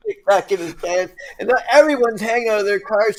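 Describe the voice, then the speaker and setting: A man's voice: high-pitched, brisk, gravelly, few pauses. A man in his fifties telling a funny road-trip story in casual chat, swearing and laughing along the way. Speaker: streamer telling stories.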